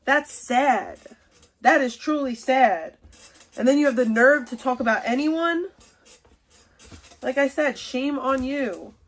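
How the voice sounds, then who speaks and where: A young adult woman hosting a livestream rants angrily at someone, scolding them with profanity. Her voice sits high, and she speaks slowly with frequent pauses.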